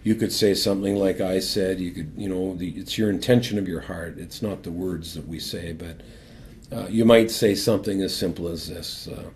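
An older man with a very low, deep voice tells his story as a guest on the program. He speaks earnestly and with lively storytelling energy. A faint low rumble sits under his voice. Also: moderate pace. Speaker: guest, former hockey captain. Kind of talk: personal testimony and storytelling.

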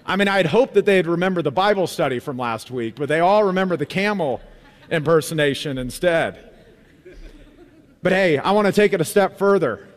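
Guy preaching a sermon, kinda high voice, big echo from the church hall. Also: normal speed. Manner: animated, emphatic, repeats phrases. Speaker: pastor. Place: church sanctuary.

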